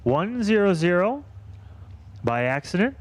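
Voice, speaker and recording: A man calling drag races and making track announcements, brisk and dryly teasing his co-announcer. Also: sits high, sing-song. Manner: brisk, dry, teasing banter. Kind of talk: race commentary and track announcements.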